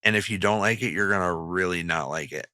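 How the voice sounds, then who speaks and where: A man's voice: sits low, brisk, bright, forceful tone, no room sound, studio quality. A man co-hosting a podcast in casual chat, loose and joking, swearing freely. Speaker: podcast co-host.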